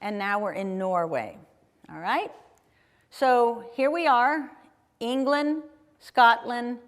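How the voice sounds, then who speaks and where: A woman's voice: on the high side, takes it slowly. A woman from Ohio giving a chatty, enthusiastic live travel talk with slides, often asking the audience questions. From Ohio, USA. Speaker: guest speaker. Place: performing arts center auditorium. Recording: long reverb of a large hall. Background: live audience in a hall.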